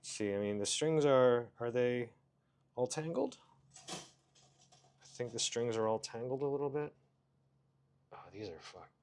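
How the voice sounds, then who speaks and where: A man's voice: mid-range voice, a little slow, pauses often, a little mellow, smooth. A man, a comedian, casually narrating his own vlog, muttering and joking at himself while he fiddles with gear in a hotel room. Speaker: comedian and vlogger.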